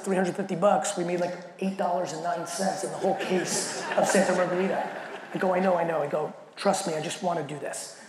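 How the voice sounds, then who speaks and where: Animated, gravelly man speaking in an echoey hall. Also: sits high. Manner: animated, profane, acts out quoted dialogue. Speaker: keynote speaker. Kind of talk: storytelling keynote talk. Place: large event hall. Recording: echoey hall with faint noise.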